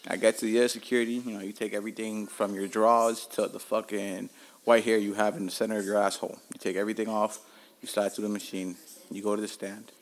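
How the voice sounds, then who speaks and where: A man's voice: on the low side, quick pace. A man hosting his own podcast from home, telling stories casually and animatedly with plenty of swearing. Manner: animated, profane, laughs at himself. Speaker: podcast host.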